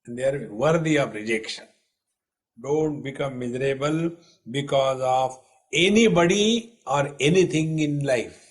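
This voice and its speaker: A man's voice: medium pitch, measured pace. An older man delivers a spiritual discourse in a lecture hall. He teases his listeners and acts out both sides of the conversations in his anecdotes, keeping the talk light and playful. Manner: playful, teasing, acts out dialogue in stories. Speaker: spiritual teacher.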